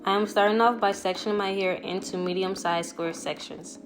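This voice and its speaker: A woman's voice: mid-range voice, steady tone, moderate pace. A young woman hosting a hair tutorial vlog, chatty and teasing, walking viewers through each step. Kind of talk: casual tutorial vlog with voice-over. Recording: music playing underneath.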